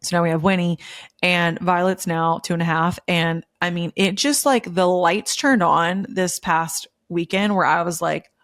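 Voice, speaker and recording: A podcast host in her thirties from Memphis, USA, chats casually, gushing and emotional, with lots of "like" and "um." Her voice is slightly low for a woman, fairly bright and unhurried, recorded close and dry with no echo or room sound.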